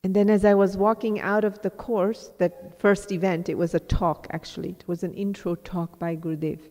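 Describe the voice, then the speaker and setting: A woman's voice: mid-range voice, flat delivery, normal speed, warm tone. A woman from India telling a personal story to a live audience as a spiritual teacher, reflective and self-mocking, quoting her own thoughts in asides. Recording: long hall reverb.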